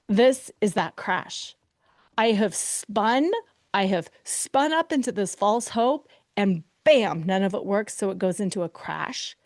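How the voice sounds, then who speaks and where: A woman's voice: medium pitch, takes it slowly, darkish tone, dry recording, clean studio sound. A middle-aged woman hosting a podcast as a betrayal recovery coach, talking expressively and acting out people's inner voices. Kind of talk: solo podcast monologue.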